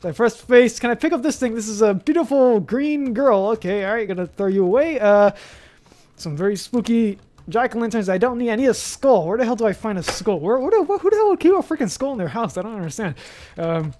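A man's voice: sits high, lively intonation, fairly quick, darkish tone. Rambling young man narrating his gameplay. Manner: rambling, self-talking, swears mildly, frequent fillers and restarts. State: hot and sweating in a costume. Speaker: gaming YouTuber. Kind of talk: casual let's-play commentary. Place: hot bedroom.

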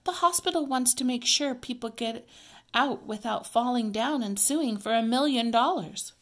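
A woman's voice: a little high, normal speed, fairly bright tone, pitched above the performer's own voice. A woman voicing a sensible older sister in a storybook, matter-of-fact in tone.

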